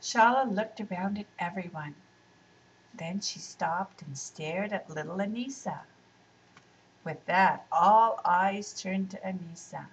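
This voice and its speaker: A woman reads a children's story aloud at a very slow, expressive pace. Her voice sounds set back from the microphone. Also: mid-range voice, far from the mic, slight background noise, poor audio. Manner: expressive, unhurried reading.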